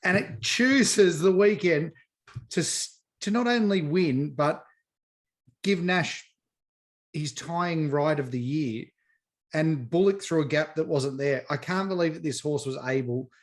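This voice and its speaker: An Australian man co-hosting a podcast, teasing his mates and telling animated stories in casual banter. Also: on the high side, a little slow. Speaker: podcast co-host. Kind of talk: casual banter about horse racing.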